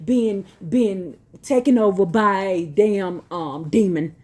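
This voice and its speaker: A woman reading religious notes slowly, then breaking into blunt, profane, scolding asides. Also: medium pitch, a little mellow. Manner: slow deliberate reading broken by scolding rants. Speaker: religious teacher.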